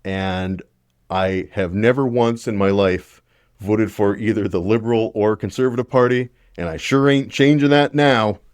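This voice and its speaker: A young man with a deep, low voice talks through politics in a casual, opinionated way, now and then blunt enough to swear. His voice is recorded close and dry, with no room sound around it. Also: normal speed, a little mellow, smooth, no echo. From Canada. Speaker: political commentary host.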